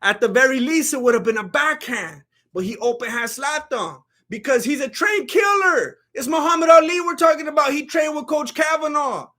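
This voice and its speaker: Male comedic host, very high-pitched, bright and tense, excitable stammerer. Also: normal speed, few pauses. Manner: animated, swings between loud outbursts and low mutters; stammers and restarts. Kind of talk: comedic commentary with a sponsor read.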